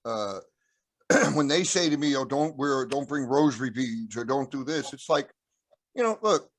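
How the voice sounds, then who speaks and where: Male guest, rambling storyteller, throat-clearing, dry close mic. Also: lively intonation, moderate pace, no echo. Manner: rambling, acts out quotes with raised pitch. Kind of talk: casual storytelling.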